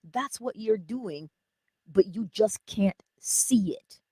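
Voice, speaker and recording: A woman giving an animated motivational talk, often laughing and talking straight to her viewers. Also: medium pitch, slow, husky, no room sound, studio quality. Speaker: inspirational speaker.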